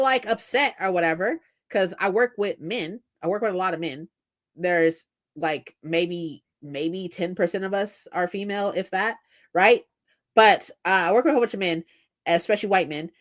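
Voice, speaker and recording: A woman's voice: lowish voice, expressive, a little fast, fairly bright tone. A young adult woman chatting casually on a livestream, blunt and profane, laughing often as she retells workplace arguments. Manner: blunt, swears freely, laughs a lot; acts out both sides of workplace arguments. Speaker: book streamer.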